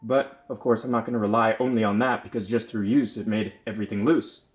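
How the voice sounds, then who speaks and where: A man's voice: on the low side, fairly even intonation, fast talker, faint music behind. A man casually explaining his hobby build work, rambling and correcting himself often with plenty of fillers. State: slightly out of breath. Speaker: lightsaber builder.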